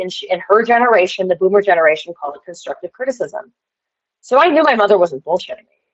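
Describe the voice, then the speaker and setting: A woman's voice: medium pitch, dull audio. A woman telling a rambling story on a livestream and calling out to the chat. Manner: rambling, addresses the chat directly. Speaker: livestream guest. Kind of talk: casual livestream rant.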